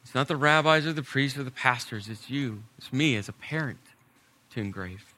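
A middle-aged man delivers a sermon with a bright, forceful tone. His pitch sits in an ordinary middle range, and he climbs to emphatic peaks before falling back to a quiet, soft close. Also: moderate pace. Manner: storytelling preacher, rising to emphasis then dropping soft. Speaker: pastor.

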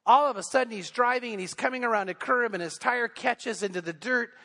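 High-voiced preacher in a reverberant church. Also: male voice, fairly quick, bright, forceful tone. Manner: earnest storytelling, building intensity. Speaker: pastor. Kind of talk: sermon. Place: church sanctuary.

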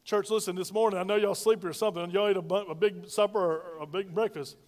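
A man's voice: high voice, fairly even intonation, fast talker, a little mellow, long reverb tail. A male pastor preaching a sermon, calling on the congregation to repeat lines after him. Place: church sanctuary.

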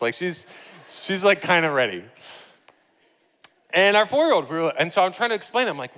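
Animated pastor in a reverberant hall. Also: male voice, on the high side, quick pace. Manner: storytelling, animated, laughing at his own story. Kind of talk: sermon.

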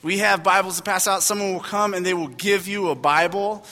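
A young adult man, a pastor, giving a sermon with animated storytelling and self-deprecating asides, in a large church hall. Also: sits high, a little fast, soft background music. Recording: hall reverb.

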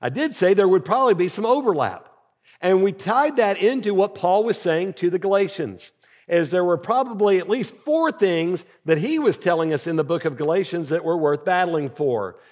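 A male senior pastor with a notably high voice, preaching to his congregation in an easy, conversational way. He keeps asking rhetorical questions. His voice rings out with a long reverb tail from the church auditorium. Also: a little mellow. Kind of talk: sermon.

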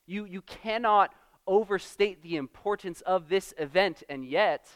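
An earnest young man delivers a sermon with emphatic, building conviction, sometimes restarting mid-phrase. His voice sits fairly high and sounds smooth and resonant. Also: unhurried, a bit bright. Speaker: preacher.

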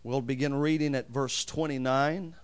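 A man's smooth, steady, mid-range voice carries a sermon as he preaches as pastor. He reads scripture slowly with heavy emphasis and calls for amens from the congregation.

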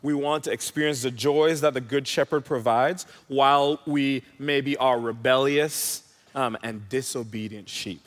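A man's voice: medium pitch, steady tone, unhurried, a bit bright. A man preaching a sermon in a church hall, earnest and emphatic, repeating key phrases. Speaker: pastor. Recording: long hall reverb.

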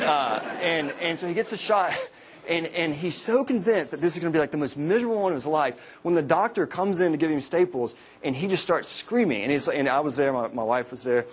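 A man in his thirties, a campus minister, preaching to college students with humorous personal stories and lively quoted voices. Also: fairly high pitch. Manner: joking storyteller, animated quoted voices.

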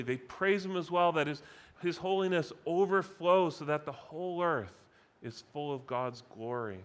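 A man delivering a sermon with a slightly higher-pitched voice. He preaches in a measured, emphatic way and slows down to lean on key words.

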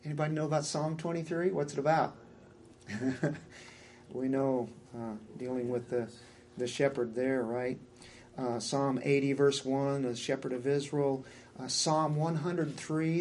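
A man's voice: medium pitch, level tone, unhurried, slight background noise. A man preaching a verse-by-verse sermon in a conversational way, with many fillers and repeated words.

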